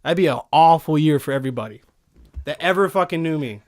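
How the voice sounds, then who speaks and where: A man in his twenties hosting a casual podcast chat from a studio, excitable and profane, forever saying dude. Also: a little high, fast talker. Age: 20s. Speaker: podcast host. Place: recording studio.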